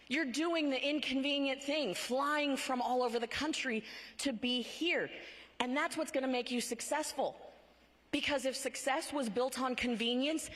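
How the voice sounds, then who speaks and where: Woman, conference keynote, motivational; high-ish voice, emphatic and punchy, big hall reverb. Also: fairly bright tone. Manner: emphatic, punchy, frequent rhetorical "right?". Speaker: conference speaker. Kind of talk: motivational speech. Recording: long hall reverb from a large venue.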